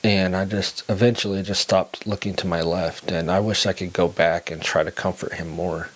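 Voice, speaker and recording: A young adult man telling a personal story in a casual way. He laughs between lines and turns low and quiet in the somber parts. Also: steady tone, normal speed.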